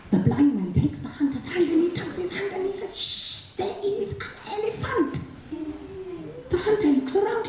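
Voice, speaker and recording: Expressive woman telling a folktale. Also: lowish voice, slight background noise. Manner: rhythmic, expressive, repetitive phrasing. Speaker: storyteller. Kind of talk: live oral storytelling. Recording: echoey hall from far off, faint ambience.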